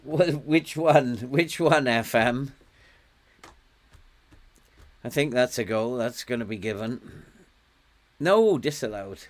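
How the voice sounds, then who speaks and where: A man's voice: mid-range voice, lively intonation, measured pace. Chatty older Welsh man streaming a game. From Wales. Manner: chatty, coaxes and scolds his virtual players, chuckles often. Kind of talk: casual gameplay commentary.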